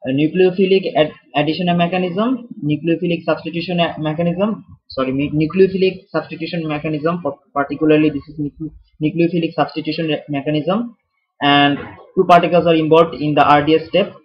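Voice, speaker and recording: Husky young man tutoring chemistry, lo-fi. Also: on the high side, steady tone, a little fast. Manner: self-deprecating, restarts words, addresses viewers as fellas. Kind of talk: casual whiteboard tutorial. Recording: dull lo-fi sound.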